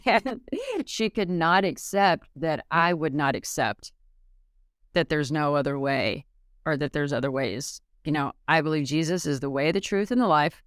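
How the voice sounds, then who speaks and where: A woman's voice: sits low, unhurried, smooth, dry recording, studio quality. A young adult woman hosting her own podcast, talking in a candid, rambling, emphatic way. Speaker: podcast host. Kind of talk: casual solo podcast monologue.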